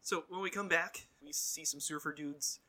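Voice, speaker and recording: A man's voice: a little high, fairly even intonation, normal speed, pushed and bright. A man casually recapping a TV episode as a podcast co-host, with dry, laid-back asides. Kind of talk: casual chat.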